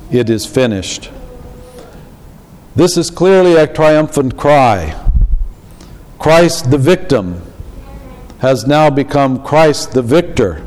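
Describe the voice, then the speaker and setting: Slow-preaching man in a reverberant church. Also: mid-range voice, darkish tone. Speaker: pastor. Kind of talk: sermon. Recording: long reverb of a church hall.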